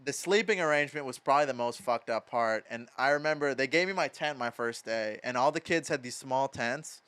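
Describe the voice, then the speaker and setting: A young man in his twenties from Madison, Wisconsin, speaks at a medium pitch, fairly quickly and smoothly. He's a podcast guest casually telling stories, animated and peppered with "like," filler words, and swearing.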